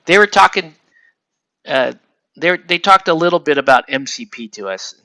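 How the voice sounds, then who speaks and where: A man hosting a casual livestream, rambling excitably and laughing often while he paints miniatures. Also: fairly high pitch, moderate pace, no echo. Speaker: livestream host.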